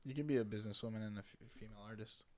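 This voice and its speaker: A man co-hosting a podcast, blunt and profane, making quick jabs in casual chat. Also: lowish voice, a little mellow. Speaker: podcast co-host.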